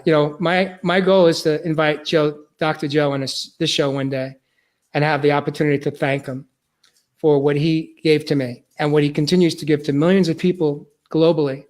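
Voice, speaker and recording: Earnest man, slightly high voice. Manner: earnest, halting with restarts. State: choked up, near tears. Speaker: podcast host. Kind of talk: emotional personal testimony.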